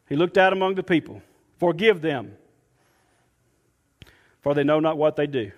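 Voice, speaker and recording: A man, a pastor, preaching a sermon emphatically and dropping soft and low when quoting scripture. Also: in a large hall.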